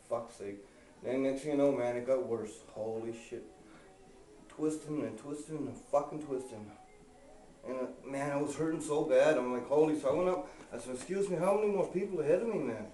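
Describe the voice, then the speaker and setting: In an echoey room, distant from the mic with faint hiss in the background, a man with a mellow mid-range voice tells a personal story. He rambles casually, swears often, and drops "man" into nearly every line.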